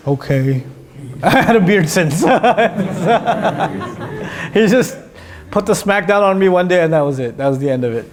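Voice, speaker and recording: Animated man teaching a Quran lesson. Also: high-pitched, a little slow. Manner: animated storytelling, asks the audience questions. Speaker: Islamic teacher. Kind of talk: lecture on Quran verses.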